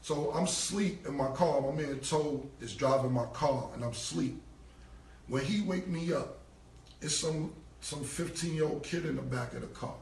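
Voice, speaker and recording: A New York rapper tells a long, profane story on a phone livestream, loose and casual, acting out the characters involved. His voice is a little high and darkish with vocal fry, and he takes his time. The phone audio sounds roomy and distant, with faint noise.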